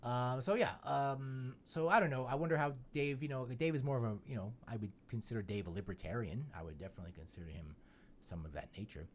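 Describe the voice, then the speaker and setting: A man's voice: medium pitch, quick pace, a little hiss or hum. A man hosting a podcast in casual chat, rambling and joking with lots of "you know" fillers. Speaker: podcast host.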